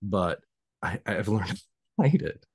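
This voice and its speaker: A man's voice: fairly low pitch, sing-song, unhurried, slightly rough, no room sound, clean studio sound. A man with a Southern US accent hosting a podcast interview, chatting casually, self-deprecating, stammering and often laughing. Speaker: podcast host.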